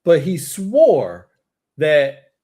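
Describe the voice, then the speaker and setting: A man on a memorial livestream, speaking in a relaxed, hesitant way. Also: on the high side, very slow.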